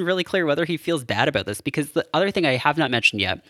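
A man's voice: a little high, sing-song, quick pace, few pauses, a bit bright, no echo, clean studio sound. A man casually recapping a film as a podcast host, rambling and amused with lots of fillers. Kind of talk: casual chat.

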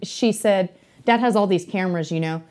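A woman's voice: mid-range voice, brisk, a little mellow. A woman guest on a podcast, chatting casually and telling rambling anecdotes, laughing easily. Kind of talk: casual chat, storytelling.

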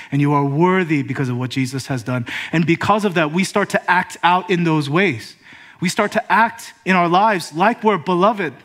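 A male pastor preaching a sermon, speaking with pauses and rising emphasis. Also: a little high, fairly bright tone.

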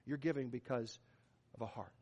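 A man's voice: mid-range voice, steady tone, normal speed, darkish tone, breathy edge, muffled recording. A man preaching a sermon as pastor, with an emphatic delivery that swells and drops in volume. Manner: emphatic, rising and falling in volume. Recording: long hall reverb.

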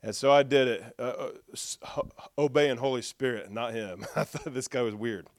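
A man's voice: mid-range voice, normal speed, no room sound, clean studio sound. A man preaching to a congregation, telling a personal story with humor and acting out the dialogue as he goes. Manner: lively storyteller who acts out dialogue with humor. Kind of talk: storytelling sermon.

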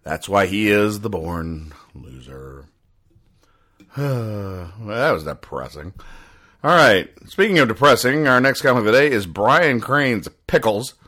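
Deadpan man explaining comic strips. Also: lowish voice, measured pace. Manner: rambling, deadpan mock-serious explanations. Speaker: podcast host. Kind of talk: comedic comic-strip readings.

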